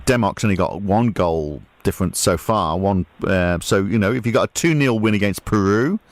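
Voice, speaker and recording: A man's voice: on the low side, expressive, moderate pace, dry recording. A man hosting a late-night radio show, chatting casually in a wry, joking way into a studio mic. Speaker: radio host.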